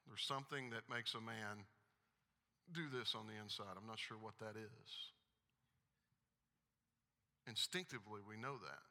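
A man's voice: lowish voice, unhurried, creaky, pauses often, bright, forceful tone. A man preaching a sermon, emphatic as he reads scripture aloud in a church hall. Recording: long hall reverb.

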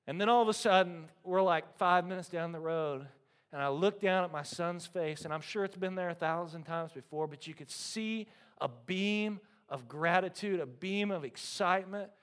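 A man in his thirties, a pastor preaching a sermon, telling stories with lively energy and often checking in with the congregation. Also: sits high, normal speed. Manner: animated storytelling, frequent "right?" to the congregation.

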